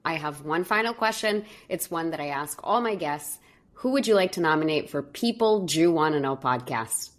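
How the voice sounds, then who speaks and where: A woman hosting a podcast interview, a lively storyteller who acts out the voices in her stories. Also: low-pitched, normal speed. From New York. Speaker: podcast host.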